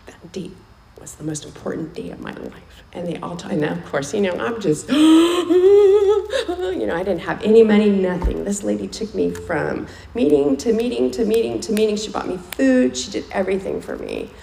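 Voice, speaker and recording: A woman's voice: mid-range voice, big pitch swings, moderate pace, vocal fry, warm tone. A woman speaking candidly and emotionally at a recovery meeting, sharing her personal story and repeating phrases for weight. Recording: echoey room, faint background noise.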